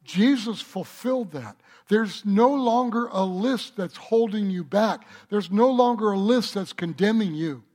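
Slow-talking, high-voiced male pastor preaching. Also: darkish tone. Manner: conversational preaching with joke-telling. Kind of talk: sermon.

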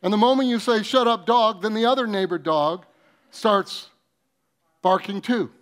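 A man preaching a sermon, telling comic stories with acted-out quotes and swinging between loud bursts and soft, earnest passages. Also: sits high, lively intonation, normal speed. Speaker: pastor.

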